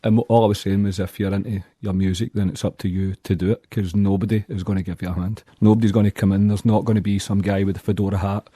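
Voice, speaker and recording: A man's voice: fairly low pitch, level tone, fast, hardly any pauses, warm tone, slightly rough, no echo, clean studio sound. A man with a Glaswegian accent, talking bluntly and plainly as a musician in a casual interview. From Scotland. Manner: blunt, plainspoken, uses local slang. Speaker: musician guest.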